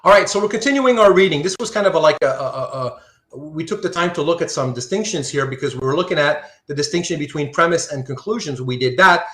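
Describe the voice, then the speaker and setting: A man teaching an online philosophy class, animated and often checking in with "right?". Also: fairly high pitch, quick pace, reverberant. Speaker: philosophy lecturer.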